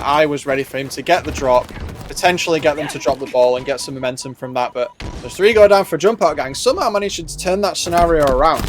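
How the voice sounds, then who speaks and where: A man with a northern English accent giving relaxed, analytical color commentary on a live esports match. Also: on the high side.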